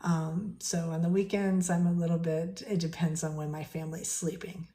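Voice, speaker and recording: A woman's voice: lowish voice, little pitch movement, normal speed, mellow. A woman, an English professor giving a chatty live-streamed lesson from her home kitchen, often asking viewers questions. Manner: chatty, asks viewers questions, many fillers and restarts. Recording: echoey kitchen.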